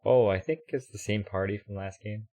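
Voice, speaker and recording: A man's voice: on the low side, fairly even intonation, normal speed, warm tone. A man streaming a video game and chatting casually with friends, teasing them and swearing freely. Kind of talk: casual gaming chat.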